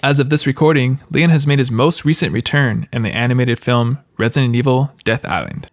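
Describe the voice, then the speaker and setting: A man's voice: mid-range voice, fairly even intonation, fairly quick, no echo. A man giving scripted video-game trivia narration, with wry, joking asides.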